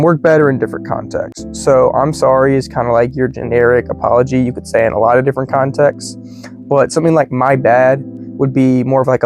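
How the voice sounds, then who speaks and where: An American man teaching English in a relaxed, slangy way, full of "you know" and "like". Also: medium pitch, vocal fry. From United States. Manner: laid-back, slangy, many fillers like "you know" and "like". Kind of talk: casual explanatory lesson. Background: faint guitar music.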